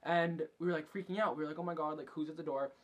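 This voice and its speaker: A man's voice: fairly high pitch, steady tone, fast, fairly bright tone. A young man vlogging, telling a story casually and chattily, swearing a lot and filling every sentence with fillers. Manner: chatty, profane, filler-heavy.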